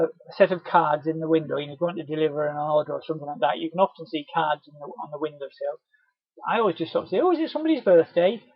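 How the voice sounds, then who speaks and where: A man's voice: fairly high pitch, gravelly, slightly rough, no room sound, highs cut off. A man presenting a casual training webinar, chatty and reassuring, acting out cheerful doorstep greetings as he explains.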